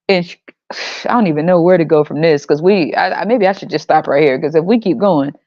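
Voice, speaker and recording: A woman's voice: deep voice, darkish tone, dry recording, dull audio. A woman hosting a podcast, ranting bluntly and profanely, exasperated and often laughing. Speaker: podcast host.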